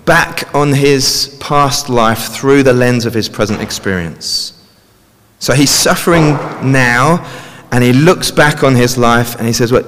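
A man's voice: mid-range voice, fairly bright tone. A man preaching a sermon in a conversational way, often ending points with tag questions. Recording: long reverb of a large hall.

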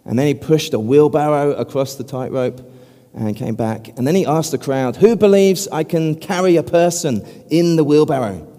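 Man preaching gently in a reverberant hall. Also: a little high. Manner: gentle, earnest, slows down for prayer. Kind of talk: evangelistic talk.

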